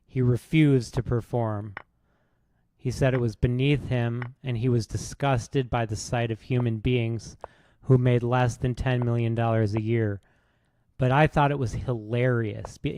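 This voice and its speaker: Slow deadpan sarcastic man. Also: mid-range voice. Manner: deadpan sarcastic, halting with fillers. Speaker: chess streamer. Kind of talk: casual rambling monologue.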